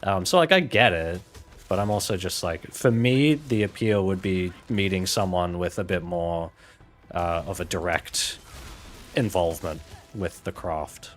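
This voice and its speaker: A man's voice: low-pitched, unhurried, faint music behind. Rambling man chatting over gameplay. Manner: rambling, filler-heavy, frank. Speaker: gaming channel host. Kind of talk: casual commentary while playing a game.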